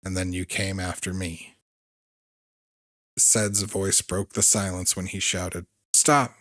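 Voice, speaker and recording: A man hosting a game playthrough, reading the story text aloud in an earnest way, sometimes stumbling over a word and adding a quick aside. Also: low-pitched, level tone, a bit bright, no room sound, studio quality. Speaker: let's play host.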